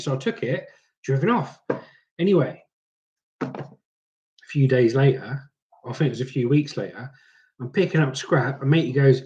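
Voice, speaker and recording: A man's voice: medium pitch, expressive, moderate pace, pauses often, darkish tone, muffled recording. A man, casually chatting and telling scrapping stories while reading comments on a live stream. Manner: chatty storyteller, slips into mock accents. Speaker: livestream host reading chat. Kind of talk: casual chat.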